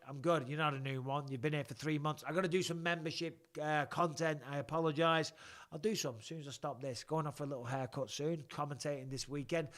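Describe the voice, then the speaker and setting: A man hosts a live Q and A, reading viewers' messages aloud and answering them candidly and casually. His voice sits a touch higher than most men's. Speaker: podcast host. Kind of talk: live-stream Q and A.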